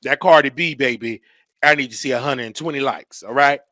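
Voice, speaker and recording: A young man hosting a show, telling a comedic story in an animated way and acting out the voices. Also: mid-range voice, brisk, no room sound. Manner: animated, acts out voices, laughs between lines. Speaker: show host.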